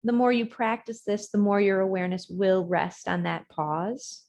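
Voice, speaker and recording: A yoga instructor with an ordinary middle-pitched voice guides a breathing and yoga session over a video call. Her intonation is fairly even, and her cues are gentle and measured, with phrases that trail off softly.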